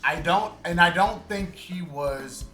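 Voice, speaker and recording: A man's voice: high voice, takes it slowly, pushed and bright, echoey room, soft background music. A man co-hosting a podcast, talking casually and earnestly, often restarting while he searches for the right words. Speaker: podcast co-host. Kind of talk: casual chat.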